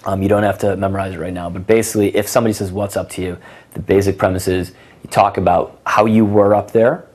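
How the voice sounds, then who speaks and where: A young man talks through dating advice in a loose, casual way, his voice sitting a bit low. He leans on fillers and restarts and slips into acted bits of conversation to show his point. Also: steady tone, quick pace, darkish tone. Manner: casual, filler-heavy, acts out both sides of conversations. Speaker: dating coach. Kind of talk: instructional monologue with acted example lines.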